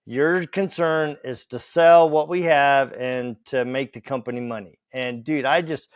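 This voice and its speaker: A man telling a story as a podcast guest, animated, acting out the dialogue and laughing along the way. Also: medium pitch, measured pace, no echo, studio quality. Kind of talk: casual storytelling.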